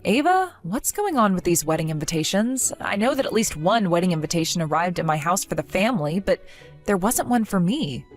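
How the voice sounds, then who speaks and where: A woman's voice: medium pitch, pitched below the performer's own voice, natural voice. A woman voicing an earnest, bewildered young woman who pleads with a friend in a scripted drama. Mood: hurt.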